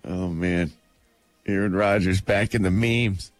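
A man's voice: sits low, takes it slowly, dry recording, faint music behind. A man co-hosting a morning radio show, bantering and laughing about sports with his co-host in the studio. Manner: animated, laughing, playful banter. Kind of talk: casual sports chat. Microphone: studio mic.

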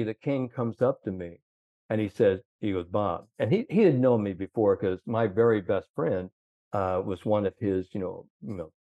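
A man's voice: lowish voice, no room sound, dull audio. A middle-aged man, a sports psychologist, telling long rambling anecdotes full of fillers and quoted dialogue. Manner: rambling anecdotes with many fillers, quoting others. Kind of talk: casual storytelling.

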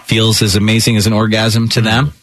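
A man's voice: fairly low pitch, a little fast, dry recording. A man hosting a morning radio show, bantering with co-hosts and taking callers. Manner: animated, takes callers and reads texts.

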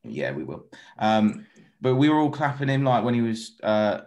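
A man's voice: medium pitch, sing-song, normal speed, a little mellow. A man co-hosting a casual football podcast, telling stories in a jokey, self-mocking way. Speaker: podcast co-host.

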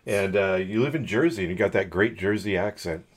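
A man's voice: lowish voice, brisk. A man with a Californian accent, hosting a podcast in a loose, joking, rambling way. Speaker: podcast host.

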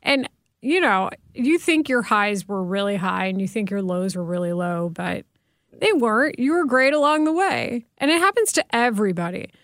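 A woman's voice: mid-range voice, animated, normal speed, a bit bright, no room sound, clean studio sound. Frank, reassuring woman broadcaster. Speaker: radio sports broadcaster, podcast guest. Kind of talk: candid podcast conversation.

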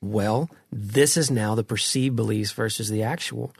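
A man's voice: fairly low pitch, unhurried, vocal fry, slightly rough, no echo, clean studio sound. A middle-aged man in a casual conversation about faith, earnest and reflective, often restarting his sentences.

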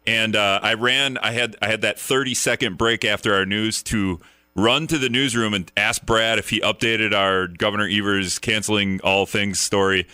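A man's voice: lowish voice, fairly even intonation, normal speed, sharp tone, smooth, no echo, studio quality. A male radio talk show host chatting casually, rambling and joking, a little out of breath.

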